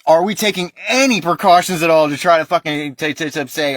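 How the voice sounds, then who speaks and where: An American man rants at length, hot and swearing constantly, with a raised voice that sounds bright and forceful. The sound is dry and close, with no room echo. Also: on the high side, brisk. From United States. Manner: profane, heated, emphatic ranting. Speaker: vlogger. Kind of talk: ranting monologue.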